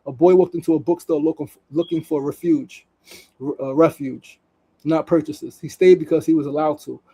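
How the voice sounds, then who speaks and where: A man's voice: on the high side, fairly even intonation, normal speed, warm tone, slightly rough, rough recording. A man hosting a daily show, talking casually and emotionally, swearing freely and reading a story aloud. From New York City. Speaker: podcast host. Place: studio.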